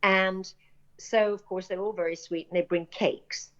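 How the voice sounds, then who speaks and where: Brief: middle-aged British woman, animated storyteller, slightly muffled lo-fi audio. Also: medium pitch, unhurried. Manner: animated anecdotes, acts out quoted voices, laughs often. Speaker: actress and screenwriter, interview guest. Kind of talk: casual interview storytelling. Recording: dull lo-fi audio.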